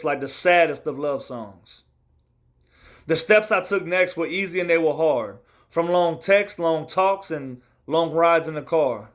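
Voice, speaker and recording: A man in his thirties performs a rhymed spoken-word poem about his own life. His voice sits a little high for a man, and he talks in an earnest, confessional way, as if laying his heart open. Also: fairly bright tone. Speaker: storyteller.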